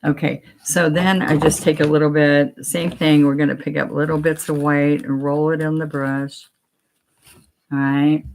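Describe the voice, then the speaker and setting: Woman, painting instructor, casual demo walk-through, thinks aloud, gravelly, slow-paced. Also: deep voice. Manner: chatty, talks to herself while working, gently coaxing.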